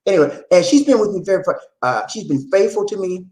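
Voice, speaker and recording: Animated man hosting a lively stream. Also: high voice, fast, low-quality recording. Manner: loud, animated, playful, repeats himself. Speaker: host. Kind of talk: lively live-stream chat.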